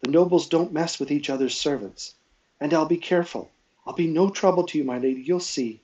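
A man's voice: a little high, fairly quick, darkish tone, close to an everyday voice. A meek, jumpy young servant girl, as a man puts her on in a storybook reading, pleading in a raised, nervous voice. The sound is dull and lo-fi. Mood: scared.

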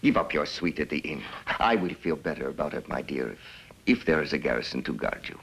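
A very deep-voiced garrison commander. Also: male voice, animated, fairly quick, creaky, a bit bright, slightly rough, heavily acted. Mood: tender. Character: stern male garrison commander, middle-aged, protective. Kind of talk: 1950s TV drama acting.

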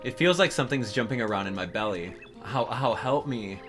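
A man voicing a big male whale with a bellyache, talking slowly and pleading for help. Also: medium pitch, animated, fairly bright tone, soft background music, natural voice. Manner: slow, pleading and complaining.

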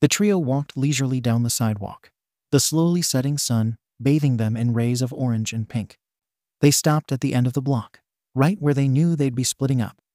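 Dry, steady male storyteller. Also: mid-range voice, normal speed, dry recording. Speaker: fan fiction reader. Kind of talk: storybook narration.

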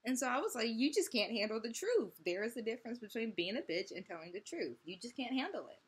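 A woman's voice: on the high side, fast talker, breathy edge. Laughing young woman telling a story. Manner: animated, laughs often, acts out both sides of a chat. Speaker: vlogger. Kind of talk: casual storytelling vlog.

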